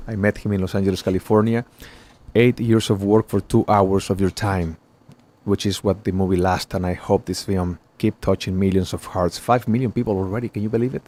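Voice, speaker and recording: A man's voice: on the low side, darkish tone. A male film producer speaking earnestly in an interview, repeating phrases for emphasis.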